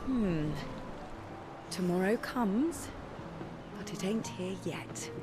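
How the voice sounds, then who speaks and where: A slow, brash stylist. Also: female voice, mid-range voice, expressive. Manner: brash, teasing. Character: brash woman, stylist and drinker. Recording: game audio with music underneath.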